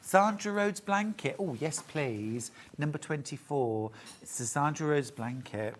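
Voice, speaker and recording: Chatty low-voiced woman presenting sewing goods. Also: animated, unhurried, slight background noise. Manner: chatty, jokey and upbeat. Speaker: shopping channel presenter. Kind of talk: live TV product demonstration.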